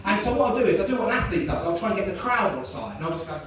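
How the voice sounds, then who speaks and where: A man's voice: sits high, animated, very fast. A man, doing live stand-up in a chatty, self-mocking way and talking with the crowd. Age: 30s. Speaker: stand-up comedian. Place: comedy club. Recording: echoey club room, mic far off, noisy.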